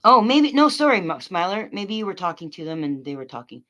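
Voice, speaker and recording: A woman livestreaming, ranting at her chat in a profane, mocking way, swinging between loud outbursts and quiet remarks. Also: on the low side, very animated, brisk. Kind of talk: angry livestream rant to chat.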